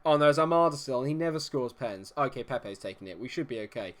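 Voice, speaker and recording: A man's voice: mid-range voice, fast, few pauses, background noise. A young man from Dorset with a Dorset English accent, commentating a live football game stream in a chatty, self-deprecating way, humming and muttering to himself between plays. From England, Dorset. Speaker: gaming streamer.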